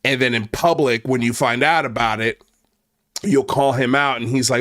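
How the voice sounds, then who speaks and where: A man's voice: medium pitch, steady tone, moderate pace, fairly bright tone. A man hosting an online commentary channel, ranting angrily with a lot of swearing and the odd repeated start. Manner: angry, profane, ranting; repeats himself and restarts when worked up. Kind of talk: heated online commentary rant.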